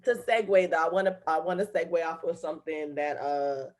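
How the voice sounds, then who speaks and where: A woman's voice: deep voice, fairly quick, over a noisy crowd. A woman hosting a podcast, talking frankly and laughing easily in casual chat. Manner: laughs often, candid and brash. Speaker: podcast host.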